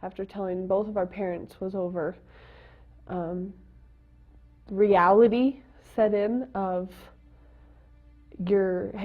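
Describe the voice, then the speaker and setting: A young woman giving a personal testimony, speaking in a halting, emotional way with pauses and restarts. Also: mid-range voice. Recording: dull lo-fi sound with faint music.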